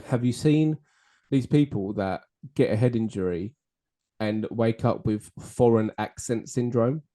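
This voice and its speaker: Male podcast host, jokey rambling banter, mellow timbre. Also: mid-range voice, unhurried. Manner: jokey, rambling, laughs at own jokes. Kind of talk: casual banter over drinks.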